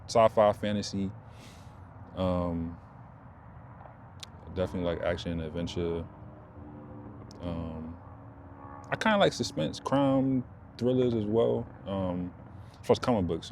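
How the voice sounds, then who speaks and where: A man talks loosely and a little low, circling back and repeating himself as ideas come. He speaks outdoors, with a faint wash of noise behind him. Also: measured pace, long pauses. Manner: rambling, loose, repeats himself, animated when excited. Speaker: vlogger. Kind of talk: casual talk to camera.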